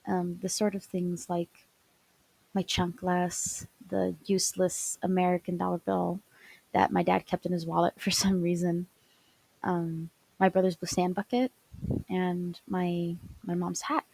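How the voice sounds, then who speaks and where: Young female student narrator, low-pitched, halting, stuttery delivery, slips into whispers. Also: little pitch movement, vocal fry, husky, dry recording, poor audio. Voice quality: stutters often, many fillers and restarts. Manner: soft, often dropping to a whisper. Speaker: student storyteller. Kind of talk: personal story narration over animatic.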